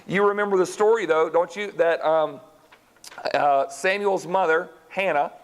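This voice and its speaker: Animated man teaching a Bible class. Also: sits high, a little slow, clear, resonant tone, low-quality recording. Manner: lively storytelling, acts out characters, talks to class directly.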